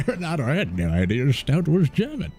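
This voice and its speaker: A man's voice: fairly high pitch, mellow. A man streaming a strategy game, joking playfully and laughing often as he comments on his moves. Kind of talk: casual let's-play commentary.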